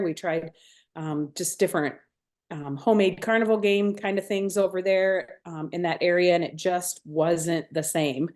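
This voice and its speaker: Woman guest, lower pitch, easygoing and friendly. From Iowa. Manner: friendly, relaxed, frequent fillers and laughs. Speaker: fair manager guest. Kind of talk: casual interview chat.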